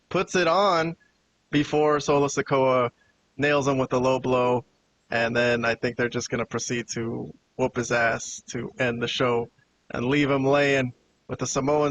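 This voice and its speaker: Recorded roughly, a medium-pitched man hosting a podcast retells a wrestling show in a casual, animated way, performing the quoted dialogue as he narrates.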